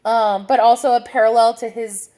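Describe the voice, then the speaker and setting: A young woman talks through a play in a relaxed lesson, sprinkling her speech with "like." Her voice sits a little high, and she has the hiccups. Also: normal speed. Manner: chatty, many "like" fillers, reads quotes aloud. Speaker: literature teacher. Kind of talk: casual analysis with dramatic readings.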